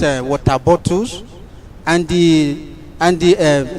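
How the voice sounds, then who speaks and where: A man, a community member giving an enthusiastic, halting speech of thanks at a meeting. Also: on the high side, a little mellow.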